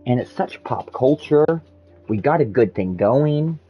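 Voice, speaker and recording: A man's voice: mid-range voice, animated, unhurried, slightly rough, lo-fi sound, soft background music. A man in casual chat, telling long rambling stories full of swearing. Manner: rambling, profane storytelling.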